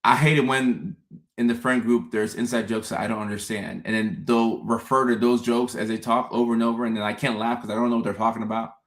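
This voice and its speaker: Animated man talking to his viewers. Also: medium pitch, brisk. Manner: animated, repeats words, acts out his own thoughts. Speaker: host. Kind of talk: casual livestream talk to viewers.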